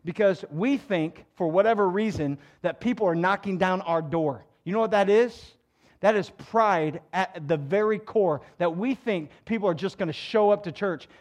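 A male pastor preaching a sermon in an animated, joking way, swinging from low asides to loud exhortation. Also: normal speed.

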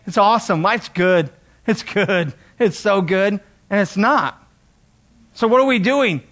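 A man preaching a sermon as a pastor, animated and emphatic, sometimes acting out the voices he quotes. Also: very high voice.

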